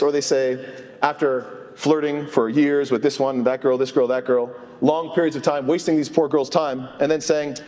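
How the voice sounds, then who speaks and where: A man's voice: medium pitch, fairly even intonation, moderate pace, darkish tone. Man preaching in a reverberant hall. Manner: earnest, mixes Arabic phrases. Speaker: imam. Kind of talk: mosque sermon.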